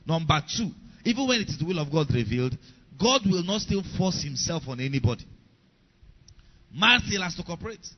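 A man's voice: on the high side, sing-song, brisk. Middle-aged male preacher, emphatic and repetitive, muffled lo-fi sound. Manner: emphatic, repeats key lines, questions the congregation. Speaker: pastor. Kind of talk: sermon.

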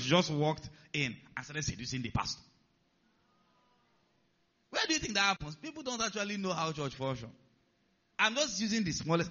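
A man preaching a sermon, animated and putting rhetorical questions to his listeners. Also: fairly high pitch, breathy edge, lo-fi sound.

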